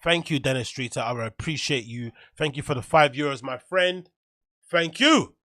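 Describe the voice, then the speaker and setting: A man hosting a casual livestream, excitable and slangy, chatting to his viewers from a computer. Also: medium pitch, moderate pace, dry recording, studio quality. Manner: excitable, slangy, talks to the chat. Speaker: livestream show host.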